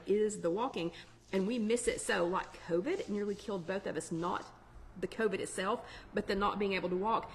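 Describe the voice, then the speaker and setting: A woman's voice: medium pitch, slight background noise. Chatty woman hosting a live chat. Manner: chatty, upbeat, warm Southern-flavored asides with lots of fillers. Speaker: online weight-loss chat host. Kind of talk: casual live-stream chat.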